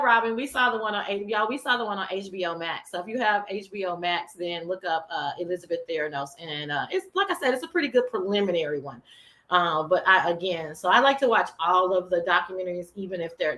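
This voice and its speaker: In an echoey room, a woman with a lowish voice hosts a casual livestream chat show, addressing her viewers directly. She's sassy, profane, animated and chatty throughout.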